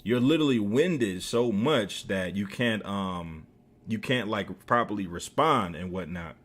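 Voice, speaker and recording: A man's voice: on the low side, measured pace. A man streaming, telling a story in a casual, profane way with lots of fillers. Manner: animated, profane, many fillers.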